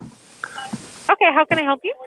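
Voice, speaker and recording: A woman's voice: sits high, measured pace, bright, forceful tone. A woman manager answering a phone call to a restaurant, polite and a little hesitant, with fillers. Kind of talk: polite customer service on the phone.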